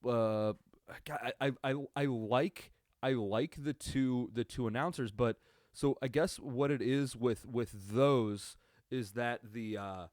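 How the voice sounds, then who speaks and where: A young man hosts a casual solo sports podcast from a home computer setup, recorded on a webcam yet sounding like a clean studio with no echo. His voice is medium-pitched, slow and darkish. He rambles and swears, with lots of fillers and restarts.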